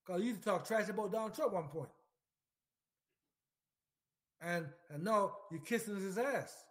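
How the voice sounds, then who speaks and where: A man's voice: high voice, a little fast. A man, a military veteran, ranting in emphatic political commentary, repeating himself, swearing and firing questions straight at the listener. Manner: emphatic, repetitive, profane, lots of direct questions at the listener.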